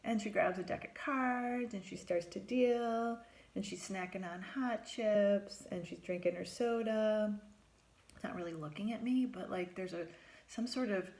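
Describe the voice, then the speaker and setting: A therapist telling a personal story in a vivid, conversational way, acting out the voices of the people in it. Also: female voice, medium pitch, a little slow, darkish tone.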